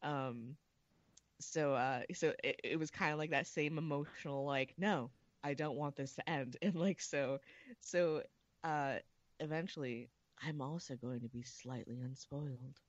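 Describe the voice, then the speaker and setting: A woman's voice: deep voice, measured pace, no echo, lo-fi sound. A woman co-hosting a podcast in casual chat, rambling with lots of fillers and casual swearing. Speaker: podcast co-host.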